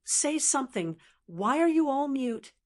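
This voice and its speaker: A woman's voice: mid-range voice, very animated, unhurried. A woman reading as a furious, ruthless clan elder. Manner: scornful barking orders.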